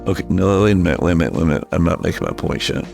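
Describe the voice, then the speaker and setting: A man's voice: low voice, very fast, creaky, a little mellow, soft background music. A man hosting a parenting podcast, explaining patiently at a studio microphone and checking that his listeners follow. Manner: patient, asks rhetorical check-in questions. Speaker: parenting author and podcast host. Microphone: studio microphone at a table.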